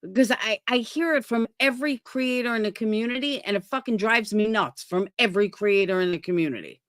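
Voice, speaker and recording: Brash woman streamer ranting to chat, higher voice, dry mic. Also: a little fast, no room sound. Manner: blunt, profane, rhetorical questions. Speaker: livestream host. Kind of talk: casual livestream commentary.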